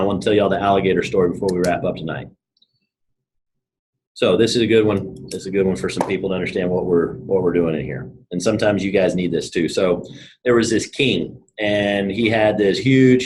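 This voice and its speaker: A man, giving an energetic, casual motivational talk to his team and telling stories. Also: low-pitched, rough recording. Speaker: network marketing team leader.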